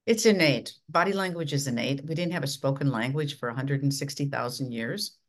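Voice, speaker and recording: A middle-aged woman from Minnesota, a leadership coach giving measured, instructive advice as a podcast guest. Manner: measured, instructive, dramatic swings of pitch and volume. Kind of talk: podcast interview.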